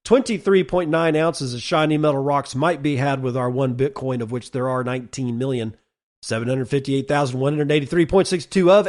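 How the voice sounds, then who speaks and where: A male podcast host talking on his own at an ordinary middle pitch. He reads figures and listener notes aloud, then slips into blunt, casual rants peppered with swearing. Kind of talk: solo podcast commentary.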